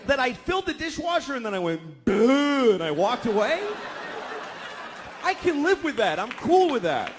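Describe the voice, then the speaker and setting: A man doing a stand-up comedy set, ranting and shouting his punchlines. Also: very high voice, big pitch swings, moderate pace, a crowd in the background, background noise. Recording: live club with audience laughter.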